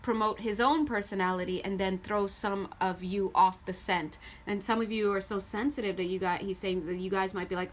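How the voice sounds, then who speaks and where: A woman giving a casual tarot reading to her viewers. She is chatty and animated, often laughing as she goes. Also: mid-range voice, a little hiss or hum. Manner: addresses viewers directly. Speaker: tarot reader.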